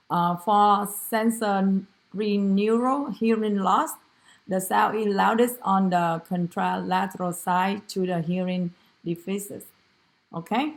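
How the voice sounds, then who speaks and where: A woman whose first language is Vietnamese walks through a clinical exam, speaking slowly and carefully. She halts often, restarts her phrases, and fills pauses with ums and uhs. Her pitch sits in an ordinary middle range. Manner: halting, many fillers and self-corrections, non-native English grammar. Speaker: student demonstrating a physical exam. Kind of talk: narrated clinical skills demonstration.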